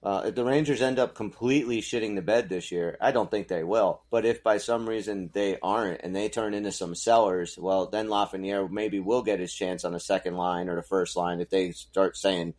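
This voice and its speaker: A man's voice: low-pitched, steady tone, normal speed, few pauses, darkish tone. A man co-hosting a podcast, chatting casually about hockey and swearing freely. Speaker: podcast co-host. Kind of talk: casual sports chat.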